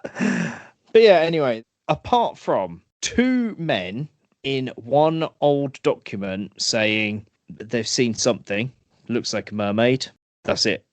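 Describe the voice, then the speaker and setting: A British co-host speaks slowly in a sing-song, mid-range voice, with no echo. Chatty and self-deprecating, he shares folklore in a relaxed storytelling chat.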